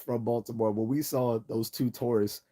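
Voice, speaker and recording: Mellow-voiced man ranting and laughing. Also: mid-range voice, steady tone, moderate pace. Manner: rambling and profane, laughing often at his own jokes. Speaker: livestream host. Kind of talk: casual livestream rant.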